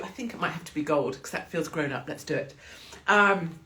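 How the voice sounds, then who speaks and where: A woman's voice: low voice, a little fast, slight background noise. Chatty English woman live-streaming. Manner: chatty, swearing, laughing often, animated. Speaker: livestream host. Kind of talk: casual live-stream chat with viewers.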